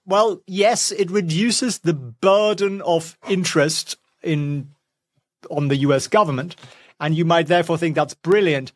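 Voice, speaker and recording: A man's voice: on the high side, measured pace, dry recording, studio quality. A man giving casual stock market commentary at home, chatty and wry with sarcastic asides. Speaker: finance vlogger. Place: home, with a pet nearby.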